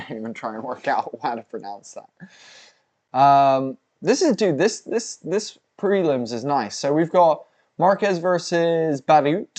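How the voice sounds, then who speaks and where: A man's voice: a little high, darkish tone. A man co-hosting a live fight watch-along, swearing, bantering and reading out chat messages. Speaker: livestream co-host.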